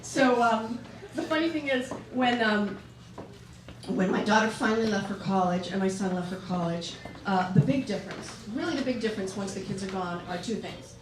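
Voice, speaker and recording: A woman's voice: mid-range voice, normal speed, a little hiss or hum. A middle-aged woman performing a chatty, self-mocking stand-up set and asking the audience questions. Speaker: stand-up comedian. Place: comedy club stage with audience. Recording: echoey club, distant mic, loud audience. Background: audience laughing.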